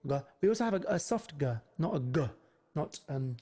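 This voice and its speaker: A man leading an online choir lesson over a video call, talking in quick, playful asides between demonstrations. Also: fairly high pitch, expressive, dark tone. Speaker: choir leader. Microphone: computer mic on a video call.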